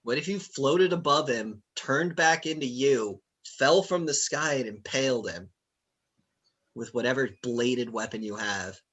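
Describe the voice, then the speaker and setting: Male game master, bright tone, loose rambling narration with fillers. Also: mid-range voice, a little slow, husky. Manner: casual, rambling with fillers and laughs.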